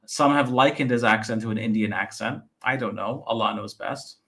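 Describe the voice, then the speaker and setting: A man, the author of a book, explaining his research point by point in a relaxed podcast interview. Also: mid-range voice, normal speed. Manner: methodical, lists points by number.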